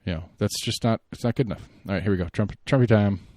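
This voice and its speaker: A man hosting a solo podcast, giving rambling, opinionated political commentary and thinking out loud. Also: fairly low pitch, fast, dry recording. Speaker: podcast host.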